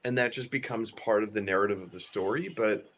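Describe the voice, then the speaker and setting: A man's voice: lowish voice, fairly quick. A man in a casual podcast chat, telling rambling stories with lots of laughter. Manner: rambling, animated, laughing storyteller. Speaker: podcast guest.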